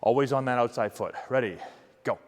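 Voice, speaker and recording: A man coaching youth agility drills, giving energetic, encouraging cues while demonstrating. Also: medium pitch, brisk, big-room sound. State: out of breath. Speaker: baseball coach.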